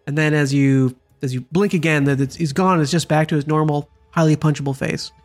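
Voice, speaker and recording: A game master narrating and running a tabletop role-playing game, describing scenes with lively, stop-start delivery. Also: medium pitch, brisk, soft background music. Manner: lively narration, frequent restarts.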